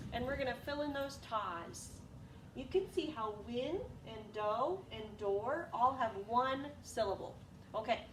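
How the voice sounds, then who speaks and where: A woman teaching an elementary music lesson, patient and encouraging, sometimes singing examples. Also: high voice. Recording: echoey room, distant mic, noisy.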